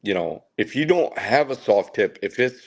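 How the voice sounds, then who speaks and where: A man with a fairly low, gravelly voice chats about fishing gear. He talks excitedly and casually, often restarting and repeating words as he goes. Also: moderate pace. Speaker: fishing guide guest. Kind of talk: casual chat.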